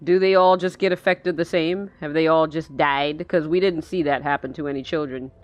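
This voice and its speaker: A woman's voice: low voice, fairly even intonation, normal speed, no room sound. A woman giving casual live commentary while watching a film from her chair, chatty and sarcastic, swearing and laughing a lot. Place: indoors, seated in a chair.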